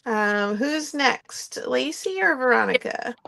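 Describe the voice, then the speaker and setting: A woman's voice: sits high, expressive, slow pace, gravelly, sharp tone. A woman hosting a live craft-supply sale, chatting casually with ums and frequent laughs. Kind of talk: live-stream sales chat.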